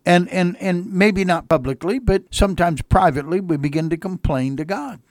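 Earnest folksy pastor, slightly high voice. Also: male voice, normal speed, a little mellow, no room sound, clean studio sound. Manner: folksy and earnest, repeats phrases for emphasis. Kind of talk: radio sermon.

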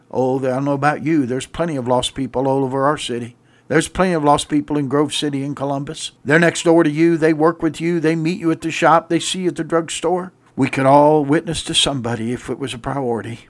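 A middle-aged male pastor preaching a radio sermon with rhetorical questions and repeated refrains, swelling to loud emphatic peaks. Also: a little high.

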